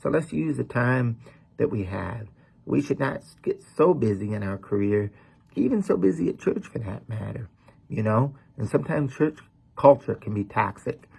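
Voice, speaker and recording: A man's voice: medium pitch, expressive, moderate pace, creaky, a little mellow, breathy edge. A middle-aged man preaching a sermon as a pastor, talking in a folksy, conversational way with lots of "man" and "you know.".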